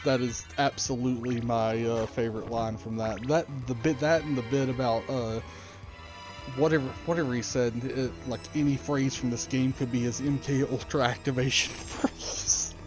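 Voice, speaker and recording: A man's voice: medium pitch, fairly even intonation, normal speed, music in the background. A man hosting a game stream, chatting casually in a rambling way. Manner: rambling, chatty, frequent restarts and fillers. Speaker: streamer host. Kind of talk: casual chat while gaming.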